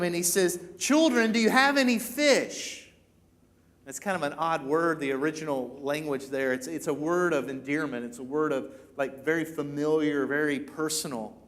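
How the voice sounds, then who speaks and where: A man preaching to a church congregation, talking in a casual, conversational way and acting out the quoted lines. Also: on the high side. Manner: conversational, acts out quoted lines, many repeats. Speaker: pastor. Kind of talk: sermon.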